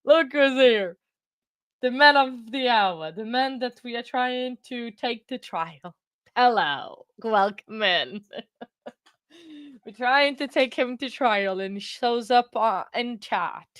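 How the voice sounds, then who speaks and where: A woman's voice: on the high side, animated, takes it slowly, a bit bright, smooth, no room sound, clean studio sound. A woman, casually chatting with her livestream chat, playful and giggly, a bit out of breath. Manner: giggly, playful, rambling with frequent laughs. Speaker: livestream host.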